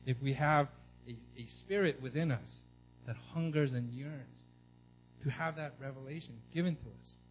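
A man's voice: medium pitch, normal speed, lo-fi sound, slight background noise. A man in his thirties preaching a conversational sermon, telling family stories and often asking "right?". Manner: animated storytelling, acts out his son's excited squeals. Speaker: pastor.

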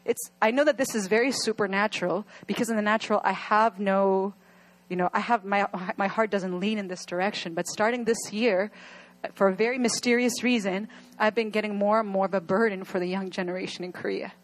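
A young adult woman pastor preaches an earnest sermon to her church in a steady, mid-range voice, speaking a little fast. At times she cries as her delivery rises into emotional pleas.

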